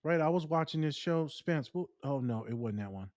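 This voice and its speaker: A man co-hosting a podcast, talking casually and telling stories in long, animated rants. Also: fairly high pitch, normal speed, dry recording, studio quality. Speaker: podcast co-host.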